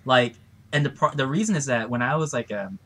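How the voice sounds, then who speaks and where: A man's voice: medium pitch, fairly quick, a bit bright. A man, hosting a casual chat, laughing often through rambling anecdotes.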